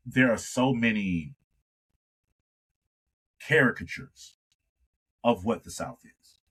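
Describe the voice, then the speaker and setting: A man from New York, a singer and radio host, chatting as a podcast guest and telling lively stories, with frequent agreeing "yeah"s. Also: fairly low pitch, breathy edge. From born in New York. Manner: lively storyteller, steady stream of agreeing "yeah"s. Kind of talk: casual conversation.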